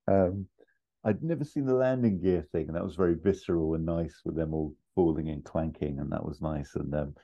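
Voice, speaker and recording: A man with a very low voice giving enthusiastic, laugh-filled feedback and swearing casually. He sounds relaxed and chatty. The audio is slightly muffled. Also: brisk. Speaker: podcast co-host giving feedback. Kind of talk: casual podcast chat.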